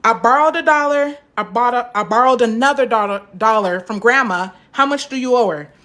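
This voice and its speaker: A woman's voice: a little high, fairly quick, a bit bright. A young woman teaching a live math lesson, chatty and encouraging, stopping to answer viewer comments.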